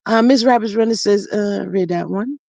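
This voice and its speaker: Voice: mid-range voice, normal speed, gravelly, no echo. A live stream host reading viewer comments aloud in casual, sassy chat full of endearments. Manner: animated, sassy, drawling endearments. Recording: dull lo-fi dry audio.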